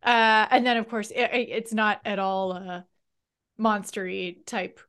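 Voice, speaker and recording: A woman's voice: medium pitch, fairly even intonation, unhurried, a bit bright, clean tone. A woman co-hosting a podcast in casual chat, earnest and thoughtful, with some restarts. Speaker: podcast co-host.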